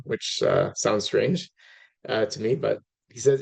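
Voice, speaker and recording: Gravelly-voiced man giving a relaxed lecture. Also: on the low side, normal speed. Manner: conversational, many fillers and restarts, asides to audience. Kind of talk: informal lecture.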